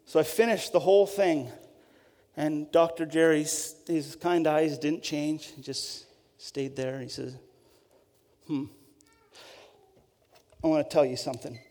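A man's voice: on the high side, steady tone, measured pace, long pauses, darkish tone. A man, a pastor, telling a candid, self-deprecating personal story as a sermon. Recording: long hall reverb.

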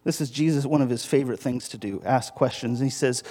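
A man's voice: mid-range voice, fast, dark tone. A male pastor giving a sermon in a conversational style, with restarts and emphatic rises.

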